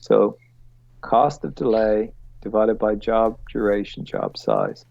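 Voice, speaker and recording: A man with a gravelly edge walks his team through planning on a video call. He talks bluntly and swears freely, often rambling off on a rant. The sound is dull, lo-fi call audio with a dry, close feel. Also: on the low side, wildly swooping pitch, takes it slowly, dry recording. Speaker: product owner leading a team meeting. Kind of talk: casual meeting explanation. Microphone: computer mic on a video call.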